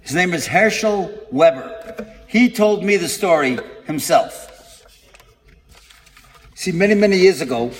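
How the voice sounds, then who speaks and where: A man telling a story in a sermon to an audience, delivering it dramatically, acting out the quotes and building to emphatic peaks. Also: fairly high pitch. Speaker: preacher. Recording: long hall reverb.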